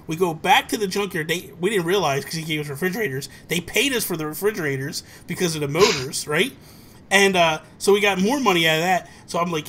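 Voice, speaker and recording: A man hosting a livestream, telling a childhood story in a rapid, animated way and acting out family members' voices. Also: on the high side, slight background noise. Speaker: livestream host. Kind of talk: casual chat, storytelling.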